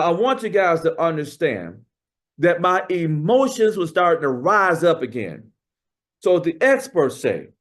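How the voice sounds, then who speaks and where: A man giving a keynote talk, telling a story with dramatic pauses and acting out the dialogue. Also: a little high. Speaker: keynote speaker.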